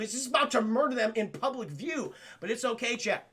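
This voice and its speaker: A man recapping a film for his stream chat, excitable, swearing constantly and acting out the scenes. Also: very high-pitched, brisk, breathy edge.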